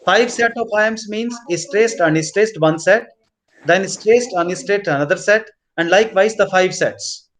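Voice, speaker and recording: A man teaching a literature class, repeating key points slowly as if dictating notes. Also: sits high, fairly bright tone. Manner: mixes in Hindi instructions. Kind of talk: classroom lecture.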